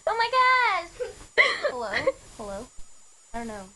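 Helium-squeaky giggly woman. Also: huge pitch swings, a little slow, pushed and bright, a little hiss or hum, rough recording. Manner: giggly, teasing. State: voice raised by inhaled helium. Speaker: vlogger. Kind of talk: casual home video.

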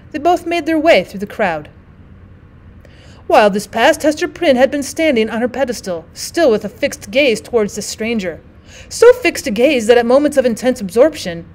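A woman teacher narrating a classic novel aloud with a steady, expressive reading. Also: on the high side. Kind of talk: audiobook narration.

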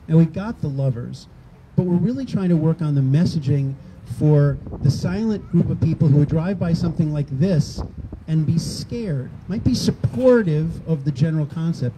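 A man's voice: on the high side, lively intonation, moderate pace, background noise. An older man, a rally organizer, speaking conversationally to a crowd outdoors and acting out quoted exchanges. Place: outdoors on a town green.

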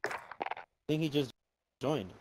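A man's voice: a little high, expressive, unhurried, a little mellow, no room sound. A young man in party chat while gaming, defensively protesting his friends' teasing. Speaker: gamer in voice chat.

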